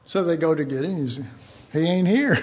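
A man preaching in a folksy, rambling sermon. His voice sits high for a man and he talks slowly and unhurriedly. The recording sounds dull and lo-fi. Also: a little mellow. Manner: rambling, folksy, chuckles often. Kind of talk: informal sermon.

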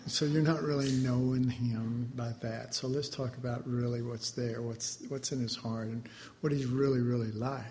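A man giving an informal sermon, rambling and hesitant with many fillers, now and then acting out lively quotes. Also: mid-range voice, moderate pace, a little hiss or hum. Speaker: preacher.

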